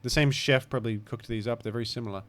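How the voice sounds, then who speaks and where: A man's voice: medium pitch, steady tone, fast, a bit bright. A man with an Australian accent, a gaming streamer giving rambling, self-deprecating commentary that trails off into mumbled asides. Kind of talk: casual rambling game commentary.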